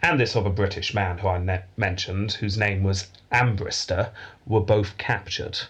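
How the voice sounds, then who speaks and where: Brief: male podcast host, low husky voice, dry joking history storyteller. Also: steady tone, normal speed, fairly bright tone. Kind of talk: casual history podcast chat.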